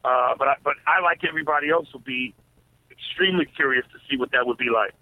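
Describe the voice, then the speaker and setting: A man's voice: mid-range voice, fast talker. Male comedian guest phoning in, mid-range voice, tinny line, laid-back with many stumbles. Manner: relaxed, stammers and restarts often. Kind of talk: casual radio interview.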